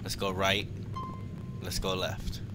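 A man's voice: deep voice, monotone, slow. A man hosting a gaming channel, giving horror game commentary full of swearing and panicky outbursts. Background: game music.

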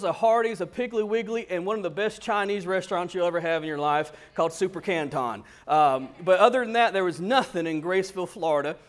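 A man pastor giving a sermon in an animated, conversational storytelling manner. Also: high-pitched.

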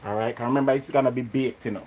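A Jamaican-accented man streams a live cooking show from a home kitchen, talking rapid-fire in a slightly mellow, mid-range voice with fairly even intonation. He chats and welcomes viewers by name, with a little hiss or hum in the background.

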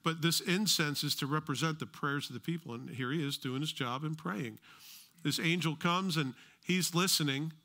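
A man's voice: on the high side, normal speed, pushed and bright. A middle-aged American man preaching a sermon as pastor, conversational with joking asides.

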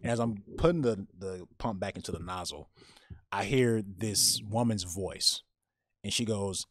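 Animated man telling a story, dry mic. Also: lowish voice, a little slow, no echo. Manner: animated storyteller, frequent restarts. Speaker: podcast co-host. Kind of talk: casual podcast chat and storytelling.

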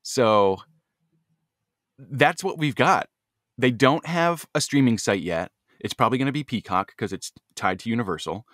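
A man hosting a casual podcast, stuffed up with a cold, chatty and quick to laugh as he hunts for words. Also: mid-range voice, expressive, a bit bright, dry recording, studio quality. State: stuffed up, congested. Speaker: podcast host.

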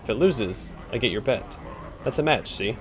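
A gruff, dismissive boss of a fighting pit in a fantasy game, read by a man. He talks down to everyone in a curt, surly way. His pitch still moves about a lot. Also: lively intonation, normal speed, lightly acted.

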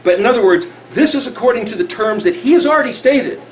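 High-voiced man teaching scripture. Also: expressive, quick pace. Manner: reads verses aloud then explains them conversationally. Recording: roomy with faint background noise.

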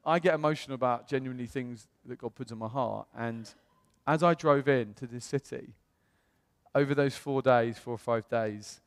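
A man from the United Kingdom preaching in a church, telling his story in a chatty, animated way with self-quotes. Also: medium pitch, normal speed. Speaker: pastor. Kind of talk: storytelling sermon. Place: church hall. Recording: long church-hall reverb.

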